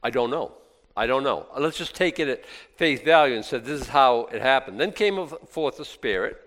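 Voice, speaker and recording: Animated preaching man in a reverberant hall. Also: medium pitch, normal speed. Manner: animated, sarcastic asides, reads scripture aloud. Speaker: pastor. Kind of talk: sermon.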